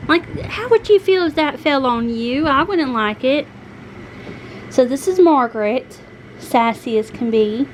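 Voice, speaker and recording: A woman, chatting casually at home and cooing to her cats in a high sing-song voice. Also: animated, unhurried, a little hiss or hum, rough recording. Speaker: vlogger. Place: home room with pets.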